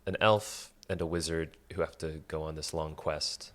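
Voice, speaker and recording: A young man who is a podcast guest, chatting in a relaxed, offhand way with some slang. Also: extremely low pitch, normal speed. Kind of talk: casual chat.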